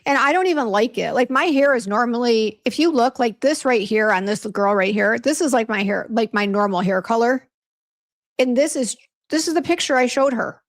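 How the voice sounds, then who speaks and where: This expressive woman has a fairly high voice and a moderate pace. Hosting a livestream for her beauty brand, she reads viewer comments, greets people by name, and vents about a bad hair appointment in casual talk full of fillers and restarts.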